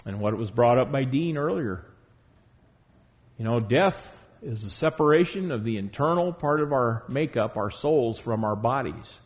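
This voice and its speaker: A man preaching a sermon to a congregation in a church, emphatic, drawing out key words slowly. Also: mid-range voice, lively intonation. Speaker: pastor.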